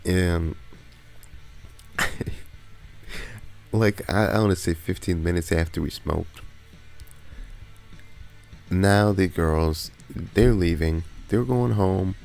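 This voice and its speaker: A man's voice: low-pitched, slow, vocal fry, long pauses, darkish tone, faint music behind. A man vlogging a casual story in a slangy, laid-back way, laughing now and then as he talks.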